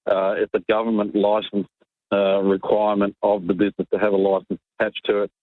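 A man's voice: lowish voice, little pitch movement, fairly quick, no room sound. A man with an Australian accent calling a talkback radio show, ranting in exasperation about red tape. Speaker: caller. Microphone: phone line. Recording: tinny phone line.

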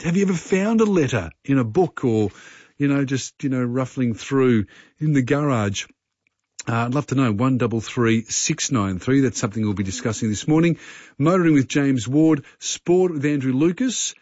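A relaxed Australian man hosts early-morning talk radio, chatting with frequent fillers. He speaks into a studio mic. The sound is dry and slightly dull. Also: mid-range voice, moderate pace, dry recording. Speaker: radio show host.

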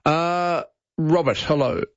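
A man with an Australian accent hosting talkback radio, brisk and opinionated, cutting in on callers. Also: a little high, no echo, dull audio. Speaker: radio host.

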